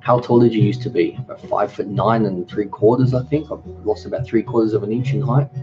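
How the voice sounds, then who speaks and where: Man, middle-aged, rambling livestream host, low voice, music playing behind. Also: brisk. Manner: rambling, reads viewer comments aloud. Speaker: cooking channel host. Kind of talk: casual livestream chat. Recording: dull lo-fi sound with music behind.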